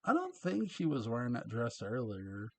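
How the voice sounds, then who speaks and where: Guy chatting through an old tv episode, average pitch, laughs at his own jokes. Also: wildly swooping pitch, normal speed, darkish tone, breathy edge, no room sound. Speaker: episode reviewer. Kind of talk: casual recap and commentary.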